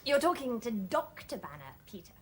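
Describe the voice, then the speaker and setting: An actress playing an earnest, determined young woman in a period television drama, brisk and insistent. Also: on the high side, sing-song, noisy background.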